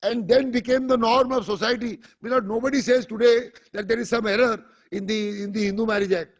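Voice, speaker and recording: A man's voice: very high-pitched, fairly even intonation, fairly quick, dull audio. A man with an Indian English accent arguing before a court, formally calling the judges "my lord" at nearly every turn and reading passages aloud from a judgment. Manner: formal, addresses the bench as "my lord" constantly. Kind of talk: courtroom argument.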